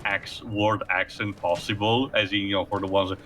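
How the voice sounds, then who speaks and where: A man's voice: on the low side, fairly even intonation, moderate pace, pushed and bright, a little hiss or hum. A man hosting a let's play, rambling through gameplay commentary with many fillers.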